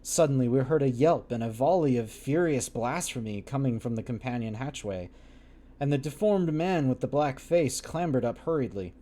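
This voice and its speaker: A man's voice: mid-range voice, normal speed, dark tone. Man reading an old novel aloud, wry. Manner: stumbles over old wording, laughs and adds wry asides. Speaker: livestream book reader.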